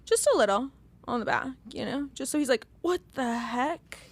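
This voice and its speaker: A woman's voice: high voice, brisk, creaky. A young woman co-hosting a podcast, telling a story in casual chat and acting out the quotes, swearing freely. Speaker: podcast co-host.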